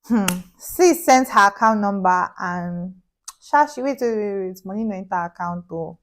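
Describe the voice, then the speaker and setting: A woman's voice: medium pitch, animated, normal speed. Young woman vlogger, mid-range voice, chatty storyteller who drops into pidgin. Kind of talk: casual storytelling vlog.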